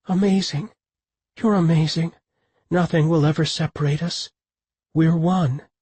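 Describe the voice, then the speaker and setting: A desperate young woman lover, voiced higher and pleading, as a male narrator puts her on. Her husky tone sits close and dry in this audiobook reading. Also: fairly even intonation, measured pace, a little mellow, dry recording.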